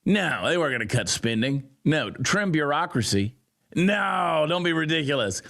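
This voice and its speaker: A man's voice: sing-song, moderate pace, vocal fry. Sarcastic man ranting commentary. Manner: sarcastic, mocking, swinging from loud jeers to low grumbles. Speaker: political commentator.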